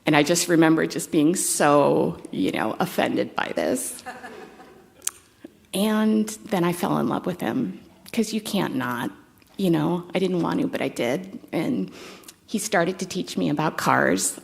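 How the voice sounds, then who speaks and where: A woman in her fifties speaks at a memorial in a low, heavily gravelly voice with lots of vocal fry. Her talk is halting and conversational, with fond, wry asides. She sounds like a stepdaughter remembering her stepdad. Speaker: stepdaughter giving a eulogy. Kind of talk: memorial eulogy.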